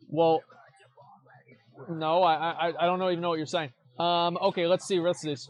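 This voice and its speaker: A man's voice: on the high side, flat delivery, moderate pace, long pauses. Blunt, mocking young man streamer. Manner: repeats words as he restarts. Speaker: streamer reacting to forum posts. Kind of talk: casual commentary.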